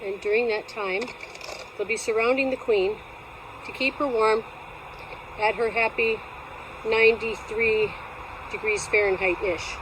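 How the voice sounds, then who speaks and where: A woman's voice: a little high, fairly even intonation, a little slow, long pauses. Chatty woman beekeeper outdoors, noisy. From Alaska. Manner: chatty, playful and self-teasing. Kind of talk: casual outdoor how-to vlog. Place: outdoors at a bee yard. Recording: outdoor noise, passing vehicles.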